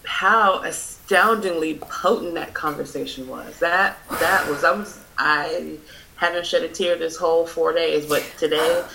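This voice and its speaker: A woman moderating a question session on a video call, emotional and halting as she speaks. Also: low-pitched, creaky, pushed and bright, a little hiss or hum, low-quality recording. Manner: emotional, halting, many restarts. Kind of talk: hosting a Q&A.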